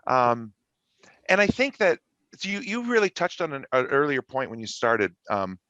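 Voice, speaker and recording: A man's voice: mid-range voice, lively intonation, moderate pace, pushed and bright, dry recording, muffled recording. A man speaking as an interview guest, talking enthusiastically and expansively about his work. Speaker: guest network engineer. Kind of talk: conversational interview.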